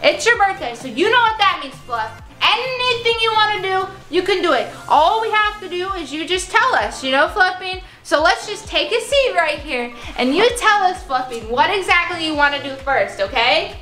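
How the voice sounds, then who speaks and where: A young woman vlogger play-acting a birthday party with plush toys, gushing and excitable, full of gasps and "like". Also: very high-pitched, normal speed, few pauses, roomy sound, faint music behind. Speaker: vlogger staging a toy pet party.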